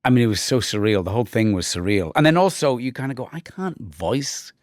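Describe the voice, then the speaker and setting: A man's voice: on the low side, animated, quick pace, no room sound, clean studio sound. A Welsh man in his forties talking through an interview in a thoughtful, conversational way, often restarting sentences. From Wales. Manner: thoughtful, with frequent restarts and mimicked voices. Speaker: actor, interview guest.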